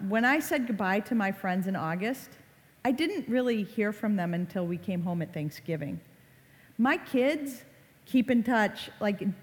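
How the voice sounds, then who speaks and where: A middle-aged woman giving a public talk about social media safety, telling a story in a conversational, dramatic way with fillers. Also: medium pitch. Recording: long hall reverb.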